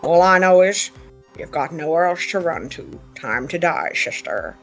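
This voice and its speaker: Casting: a woman playing a low, clipped, cocky gangster hitman. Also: very animated, a little slow, faint music behind. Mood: menacing. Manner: clipped tough-guy drawl, ends lines with "see". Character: old-time gangster hitman, cocky, nearsighted.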